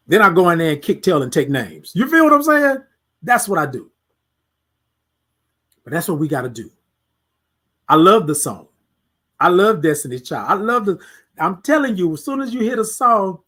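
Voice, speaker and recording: A man hosts a motivational talk in a high, husky voice. He repeats his lines like a preacher and slips into quiet, murmured self-talk. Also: big pitch swings, moderate pace, long pauses. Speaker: podcast host.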